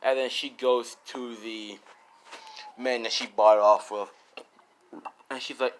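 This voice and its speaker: A man narrates a made-up fan story slowly and unhurriedly, rambling along with constant fillers. There is faint noise behind him. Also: mid-range voice, fairly even intonation. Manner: rambling, full of "you know".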